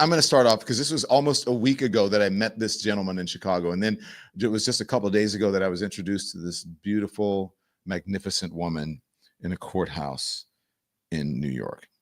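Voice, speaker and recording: Emphatic male live-show host. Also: fairly low pitch. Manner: enthusiastic, emphatic.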